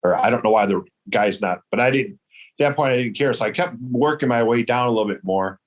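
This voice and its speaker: A man from Michigan, telling a hunting story in casual chat, acting out the dialogue with lively quotes. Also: medium pitch, fast. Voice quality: hard of hearing in one ear. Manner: animated, quotes dialogue in raised voice. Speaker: guest storyteller.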